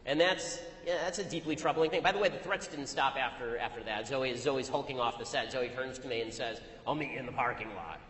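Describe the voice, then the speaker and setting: Rapid-fire man arguing in an echoey hall. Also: mid-range voice, a bit bright. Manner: rapid, argumentative storytelling. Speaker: public speaker. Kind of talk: anecdotal speech to an audience. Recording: echoey hall, long reverb.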